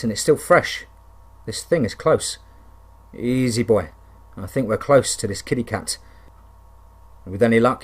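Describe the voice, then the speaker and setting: Man narrating a wilderness horror story. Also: mid-range voice. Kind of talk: scripted first-person story narration.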